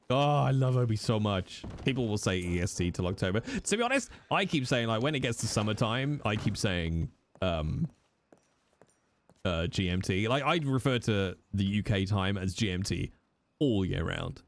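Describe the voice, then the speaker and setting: A man's voice: fairly low pitch, big pitch swings, normal speed, a little hiss or hum. A man, chatting casually with viewers on a live stream, jokey and teasing, with the odd swear.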